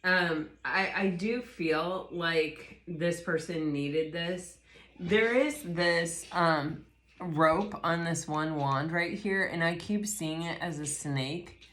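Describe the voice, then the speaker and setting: A woman's voice: lowish voice, takes it slowly, a bit bright. A woman doing a casual spoken tarot reading, reflective and rambling, often restarting her sentences. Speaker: tarot reader. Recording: roomy echo.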